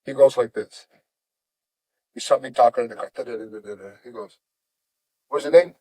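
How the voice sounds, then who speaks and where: Animated man in broken English. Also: medium pitch, fairly quick, breathy edge, no echo. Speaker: jiu-jitsu master, guest. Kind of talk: storytelling in conversation.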